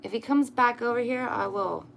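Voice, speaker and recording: A woman with a high, light voice talks casually on her back porch for a vlog. She calls to a stray cat in a lilting, coaxing tone, then drops into chatty, musing asides to the camera. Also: brisk, creaky, slight background noise. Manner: coaxing sing-song baby talk to a cat. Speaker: vlogger.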